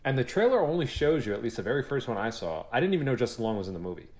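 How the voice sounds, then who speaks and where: A man's voice: mid-range voice, racing. A young man co-hosting a podcast, chatting casually and acting out what people said, with some swearing. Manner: animated storyteller, acts out quotes, swears freely. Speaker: podcast co-host. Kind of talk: casual chat.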